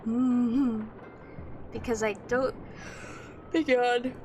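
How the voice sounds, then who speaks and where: A young woman chats slowly and rambles while streaming a game, her playful talk drifting into a sing-song lilt. Her voice sits a little high. Loud game music plays under her voice the whole time. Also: little pitch movement. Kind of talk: casual chat while gaming.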